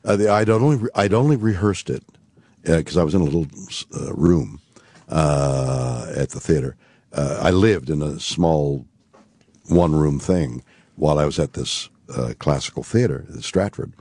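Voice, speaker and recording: An older man, a radio show guest, telling a long story in a halting way, full of fillers and restarts. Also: rumbling low, a little mellow, husky, dry recording.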